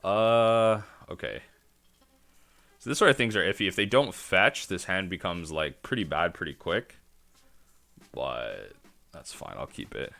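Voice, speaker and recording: A man with a low voice that swings up and down with a bright, forceful edge, commentating his own game on a live stream. He rambles through his thinking out loud and restarts his sentences as he works out each play. The sound is dry and close, with no room around it. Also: expressive, a little slow, creaky, pauses often, dry recording. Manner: thinks aloud, rambling self-talk with restarts. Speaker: streamer playing a card game.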